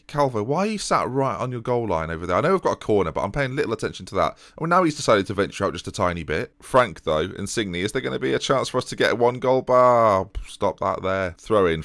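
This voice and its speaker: A man's voice: fairly low pitch, a bit bright, no room sound, studio quality. A man giving a let's-play commentary as a gaming YouTuber, exasperated and self-mocking as he talks over his game.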